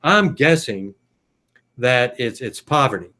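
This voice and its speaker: A man's voice: medium pitch, animated, slow pace, pushed and bright. Hesitant American man on a video call. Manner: thinking aloud, hesitant, many fillers. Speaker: podcast host. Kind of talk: casual video call chat.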